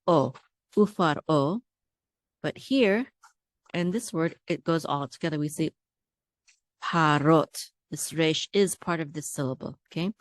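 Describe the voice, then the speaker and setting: A woman's voice: deep voice, no room sound, studio quality. A woman teaching a language lesson, spelling words out syllable by syllable and patiently repeating each sound. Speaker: Hebrew teacher. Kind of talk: word-by-word reading lesson.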